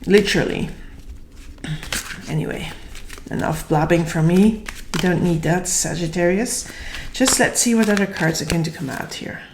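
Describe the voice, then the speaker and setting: Woman, tarot reader, slightly hoarse, tired, chatty, word-searching, roomy echo. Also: on the low side, moderate pace, long pauses, background noise. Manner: thinking aloud, searching for words. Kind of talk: casual spoken tarot reading. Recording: echoey room.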